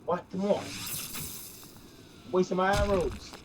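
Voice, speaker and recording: A man's voice: high voice, level tone, slow pace, a little hiss or hum. A man live-streaming, talking bluntly in a casual rant while playing a game, repeating himself, swearing and saying "bro" a lot. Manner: blunt, repetitive, says "bro" often, swears.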